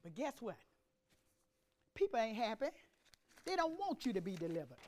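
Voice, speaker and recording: A woman with a high voice preaches to a church congregation. Her pitch leaps and falls freely as she moves between loud declarations and hushed asides. She calls out to the room and draws answers back. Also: very animated, moderate pace. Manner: call-and-response preaching, swings from loud to hushed. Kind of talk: sermon.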